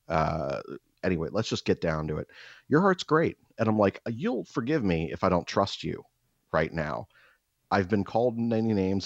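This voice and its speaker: A man co-hosting a podcast, telling a story in casual chat, animated and swearing as he acts out quotes. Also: sits low, husky, no echo, muffled recording. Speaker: podcast co-host.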